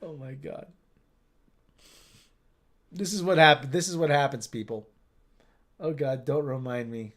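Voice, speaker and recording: A man's voice: mid-range voice, unhurried, long pauses, fairly bright tone. A man hosting a livestream in sarcastic, rambling casual chat. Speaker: livestream host.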